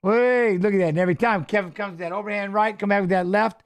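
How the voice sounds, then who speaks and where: A middle-aged man hosting a fight watch-along, chatting casually and coaching the fighters aloud with excited calls. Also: high-pitched, fast. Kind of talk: casual live fight commentary.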